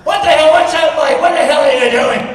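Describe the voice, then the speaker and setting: A man voicing a rude, cranky old man with a cane who shouts and scolds. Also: very high-pitched, brisk, some chatter behind. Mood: yelling at kids. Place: large convention hall. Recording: echoey hall from far off.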